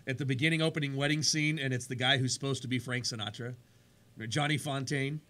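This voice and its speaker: A man hosting a sports radio show in a studio, chatty and energetic, his voice worn from days of talking. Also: mid-range voice, quick pace. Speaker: radio show host and pastor. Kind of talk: casual sports radio chat.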